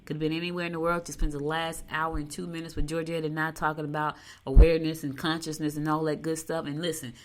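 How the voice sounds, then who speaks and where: A middle-aged woman who hosts a podcast and talks in a folksy, animated way. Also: low voice, fast, hardly any pauses. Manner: folksy, animated storytelling with Southern US speech. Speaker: podcast host. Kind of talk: casual chat.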